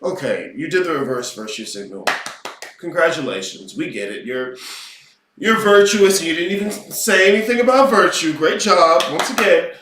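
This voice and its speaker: A man's voice: a little high, animated, moderate pace, sharp tone, slight background noise. A man giving an unscripted, ranting lecture as an occult teacher, profane and mocking in tone. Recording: roomy echo, voice far from mic.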